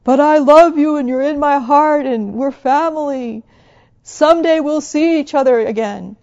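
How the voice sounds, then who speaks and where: A woman voicing a loving father who calls down from a hilltop, shouting out from afar. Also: high-pitched, a little slow, lo-fi sound, voice pushed up. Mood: calling tenderly. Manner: calling out loudly from afar.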